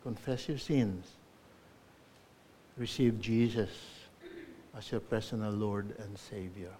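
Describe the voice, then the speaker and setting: A man preaching a sermon in church, earnestly urging listeners, rising to emphatic peaks and falling to soft endings. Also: fairly low pitch, slow pace, a little hiss or hum. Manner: earnest exhortation with emphatic rises and soft drops.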